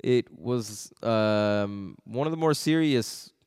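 A man's voice: fairly low pitch, slow, darkish tone, smooth, no room sound, clean studio sound. A man co-hosting a casual movie-review podcast, laid-back, swearing freely and laughing often. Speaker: podcast co-host.

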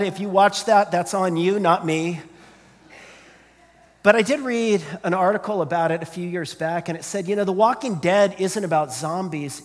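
High-voiced preacher in a reverberant hall. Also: male voice. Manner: earnest, repeats words when starting sentences. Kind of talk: sermon.

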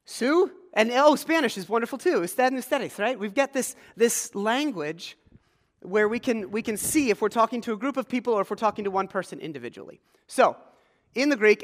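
Pastor, male, from rural Pennsylvania, high-ish voice, chatty sermon, long church reverb. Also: fairly bright tone. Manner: conversational, engages congregation with questions. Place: church sanctuary.

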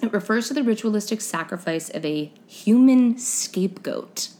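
A woman's voice: mid-range voice, expressive, moderate pace, warm tone, a little hiss or hum. A young woman hosting a casual chat podcast, reading history notes aloud with wry asides and stumbling over unfamiliar names. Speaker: podcast host.

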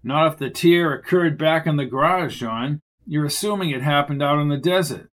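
A man's voice: fairly high pitch, normal speed, a bit bright, close to an everyday voice. A man reading the lines of a grumpy, sarcastic male detective in a clipped manner. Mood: gruff sardonic.

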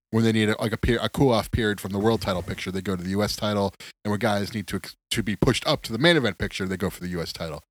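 A man's voice: lowish voice, no room sound. A man co-hosting a podcast from a remote setup, chatting casually and rambling with lots of filler words. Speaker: podcast co-host. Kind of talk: casual chat. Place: recording remotely.

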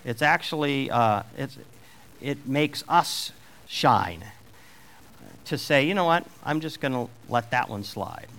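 Man, preacher, sermon, middle-aged, lively delivery, emphatic. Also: mid-range voice, slow. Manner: animated, voicing God's questions with rising emphasis.

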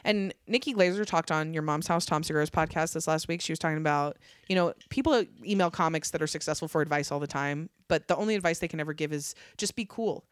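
A young woman comedian chatting casually on a podcast, telling animated stories, swearing freely and acting out what people said. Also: sits low, quick pace, few pauses, dry recording. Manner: animated storytelling, swears freely, acts out quotes. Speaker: stand-up comedian, guest.

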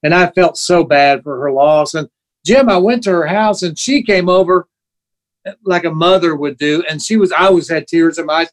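A man in his sixties, a guest musician, telling sentimental stories in a relaxed chat and briefly acting out the voices of people he quotes. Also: on the high side, normal speed. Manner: animated anecdotes, acts out quoted voices; emotional, sentimental. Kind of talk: casual storytelling chat.

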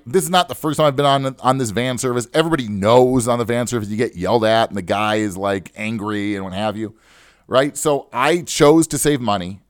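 A man's voice: mid-range voice, no room sound, studio quality. A man hosting a personal finance podcast, telling a long chatty story full of rhetorical "right?" asides. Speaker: podcast host. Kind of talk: storytelling monologue.

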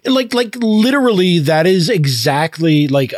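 A man co-hosting a casual book-club podcast, talking in a halting way with many restarts. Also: fairly high pitch, animated, no room sound, studio quality. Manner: halting, full of fillers and restarts, laughing. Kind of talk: casual chat.

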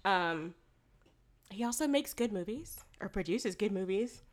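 A woman co-hosting a casual movie review podcast, animated, laughing often and swearing freely. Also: medium pitch, unhurried. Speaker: podcast co-host.

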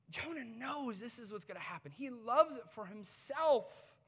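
Bright, high-voiced man preaching a sermon. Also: expressive, moderate pace, few pauses, husky. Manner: storytelling, swings from hushed to loud. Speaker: pastor.

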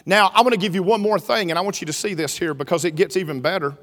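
Middle-aged male preacher, storytelling sermon, very high voice, big hall reverb. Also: fast. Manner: storytelling preacher, builds to shouting. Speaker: pastor. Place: church sanctuary.

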